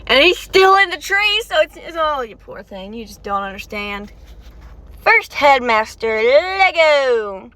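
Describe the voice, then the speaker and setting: A woman talking excitedly to her viewers in rambling reaction commentary, recorded inside a car. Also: high-pitched, normal speed, hardly any pauses. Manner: excitable, chatty, talks straight to viewers with frequent restarts. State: tired and warm. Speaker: video creator reacting to a game story.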